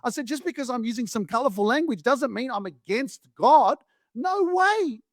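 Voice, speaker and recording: A blunt, emphatic man hosts a motivational podcast and swears freely. His voice sits high for a man. The sound is dry and close, with no room around it. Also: lively intonation, moderate pace, no room sound. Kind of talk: motivational monologue.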